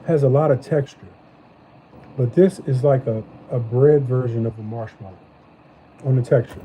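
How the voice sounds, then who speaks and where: A man hosting a live stream, chatting casually as he reviews snacks, animated and slangy. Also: fairly high pitch, lo-fi sound, slight background noise. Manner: animated, loose slangy talk.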